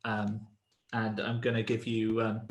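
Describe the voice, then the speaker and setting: A man running a tabletop game as game master, describing the scene in a halting way with many fillers and restarts. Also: lowish voice, monotone, echoey room. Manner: hesitant, full of ums and restarts.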